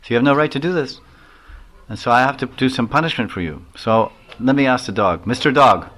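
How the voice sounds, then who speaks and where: A man's voice: mid-range voice, brisk, a bit bright, close to an everyday voice. A man voicing an ancient king who admonishes a holy man for hurting a dog, in a lecturing way. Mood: admonishing. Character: stern, righteous ancient king judging a dispute.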